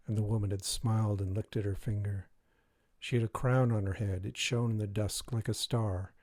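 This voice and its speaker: A man reading a dark fairy tale aloud in a measured, even way. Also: lowish voice, dry recording. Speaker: reader. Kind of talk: storybook reading.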